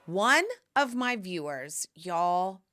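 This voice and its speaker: A woman hosting her own podcast in sassy, casual chat, calling listeners honey and swinging from loud bursts to whispers. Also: medium pitch, lively intonation, moderate pace. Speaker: podcast host.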